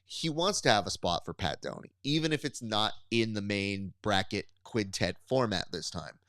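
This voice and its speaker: A man co-hosting a casual podcast, riffing animatedly and pitching ideas with mock appeals to the listener. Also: lively intonation, normal speed, fairly bright tone, no room sound. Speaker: podcast co-host.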